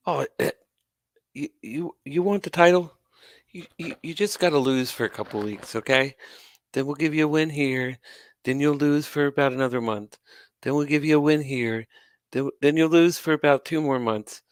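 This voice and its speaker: This wrestling commentary host rants to camera on his own channel, sarcastic, exasperated, and swearing now and then. His voice sits on the high side at a moderate pace, recorded at studio quality with no echo.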